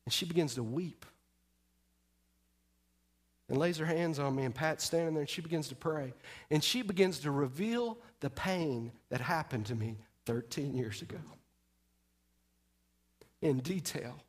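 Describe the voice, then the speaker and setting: A man's voice: a little high, unhurried, pauses often, breathy edge. A man preaching a sermon as pastor, telling a personal story with emphasis and speaking straight to the congregation.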